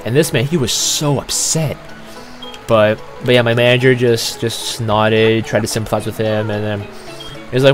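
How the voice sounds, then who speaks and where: A man's voice: mid-range voice, steady tone, normal speed, soft background music. A young Canadian man hosting a let's play, telling rambling stories in casual, laid-back commentary.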